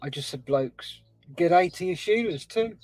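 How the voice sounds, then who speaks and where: Casual stream host: a man with a higher-pitched voice, dry and close, easygoing and chatty. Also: lively intonation, unhurried, darkish tone, no room sound, faint music behind, low-quality recording. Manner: chatty, reads out viewer comments, laughs easily. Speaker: livestream host reading chat. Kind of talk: casual chat.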